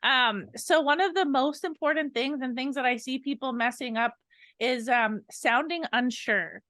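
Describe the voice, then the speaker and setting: Woman, young adult, sales coach, upbeat, bright voice, dry close sound. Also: sits high, moderate pace, no room sound. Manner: upbeat, energetic, laughs often. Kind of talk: podcast sales coaching chat.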